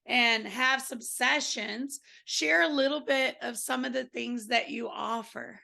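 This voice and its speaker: A woman hosting a spiritual podcast, hoarse today, chatting casually and effusively with her guest. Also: a little high, measured pace, sharp tone. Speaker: podcast host. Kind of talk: casual interview chat.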